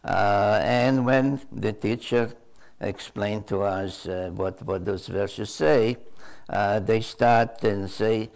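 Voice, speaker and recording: A man's voice: on the low side, steady tone, slow, gravelly, a little mellow. An older male author giving an unscripted storytelling answer to a question, hesitant and full of uh fillers and repeated words.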